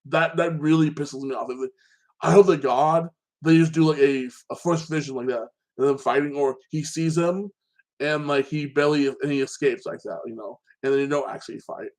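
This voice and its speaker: A man's voice: a little high, moderate pace, darkish tone. A man casually recapping a TV episode, rambling and opinionated, filling his talk with "like that" and restarting sentences. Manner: opinionated, ranting about plot holes. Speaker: host.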